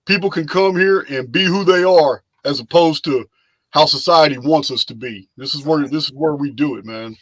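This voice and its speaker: A man's voice: on the high side, moderate pace, fairly bright tone, dry recording. A man hosting a casual live chat, loose and rambling, often repeating himself as he talks. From lives in Texas. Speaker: live stream host.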